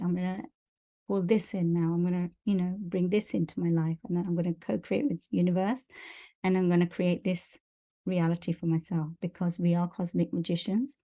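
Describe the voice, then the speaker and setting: A woman's voice: fairly low pitch, dark tone. A woman giving a monthly spiritual energy update, talking earnestly and encouragingly in long repetitive lists. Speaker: spiritual teacher.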